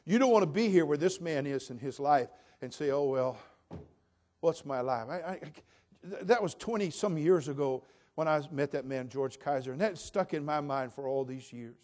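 An older man from California preaching a sermon in a slightly raised voice. He climbs to loud, emphatic peaks and then drops into quiet, low asides. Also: lively intonation, normal speed. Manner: swings from loud emphatic build-ups to soft, low asides.

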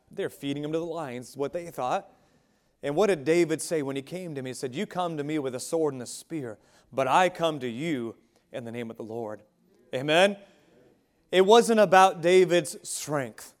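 A man preaching a sermon as pastor, swinging between quiet, soft asides and loud, raised exclamations. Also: fairly high pitch.

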